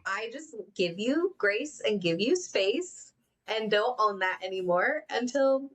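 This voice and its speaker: A woman with a slightly high voice who speaks slowly in a casual podcast chat. She hesitates a lot, fills her speech with fillers, and giggles between thoughts. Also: lively intonation, a bit bright.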